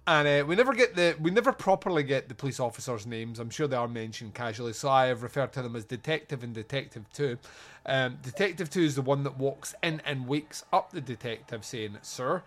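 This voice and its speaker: A man's voice: mid-range voice, expressive, brisk, fairly bright tone. A man hosting a podcast, reviewing a movie in casual chat, sarcastic and rambling with frequent laughs. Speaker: podcast host.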